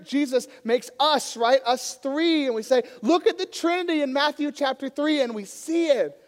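A man's voice: very high-pitched, big-room sound. A man preaching a sermon as a pastor, telling a story and acting out the voices in it. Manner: storytelling, acts out quoted voices.

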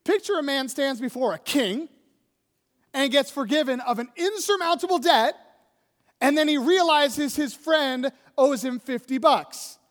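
A man's voice: very high voice, animated, measured pace, a bit bright, in a large hall. A man preaching a sermon in a conversational, storytelling manner, often checking in with his listeners. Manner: conversational storytelling, frequent "right?" and "like". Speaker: pastor.

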